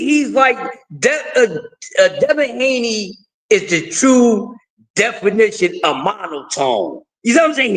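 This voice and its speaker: A man hosting a casual livestream in a raspy voice, talking loudly and animatedly with frequent shouting and laughter. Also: high voice. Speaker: livestream host.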